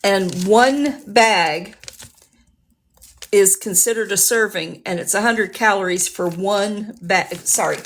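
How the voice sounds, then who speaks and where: A woman's voice: medium pitch, slight background noise. A woman chatting casually on a livestream in a rambling, chatty way, laughing often.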